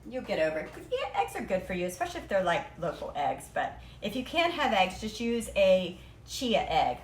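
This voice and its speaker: A woman's voice: medium pitch, very animated, brisk, a little hiss or hum. A woman hosting a live cooking demo from her home kitchen, chatty and playful, slipping into silly rhymes as she works. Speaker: cooking show host. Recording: echoey kitchen with clattering dishes.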